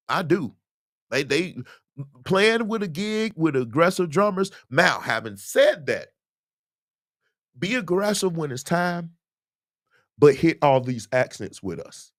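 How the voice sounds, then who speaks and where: A man's voice: sits high, no room sound, clean studio sound. A man hosting a casual Q&A livestream, talking emphatically and animatedly about music and dating. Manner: animated, emphatic, preachy asides. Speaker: host, musician.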